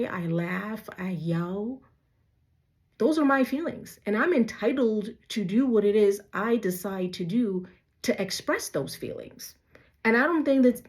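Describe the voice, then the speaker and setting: A woman's voice: fairly high pitch, darkish tone. A woman vlogger giving casual, emphatic advice to camera, asking rhetorical questions and tagging points with "right?" and "you know". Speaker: YouTube vlogger.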